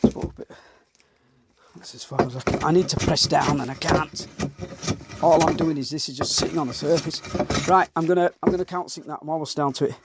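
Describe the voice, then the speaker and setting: A man's voice: a little high, fairly even intonation, a little fast. A Northern English man who is slightly out of breath, talking bluntly through his woodworking as he works in a workshop. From England. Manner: blunt, mutters while working, occasional mild swearing. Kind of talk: workshop commentary while working. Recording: clear workshop noise behind. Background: planing, rubbing and wood noises.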